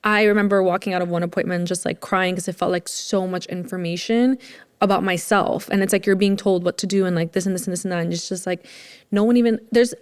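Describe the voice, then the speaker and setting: A woman's voice: medium pitch, fairly even intonation, fast talker, clear, resonant tone. A woman hosting a podcast, speaking earnestly and affirming her guest. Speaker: podcast host. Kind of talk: supportive interview conversation.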